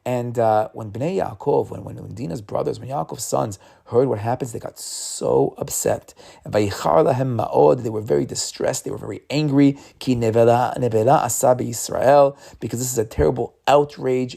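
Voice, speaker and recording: A man with a gravelly, dark and mellow voice gives an informal Torah talk. He speaks in a loose, conversational way, often repeating words as he restarts a thought. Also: medium pitch, normal speed, few pauses. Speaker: Torah teacher. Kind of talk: casual weekly Torah talk.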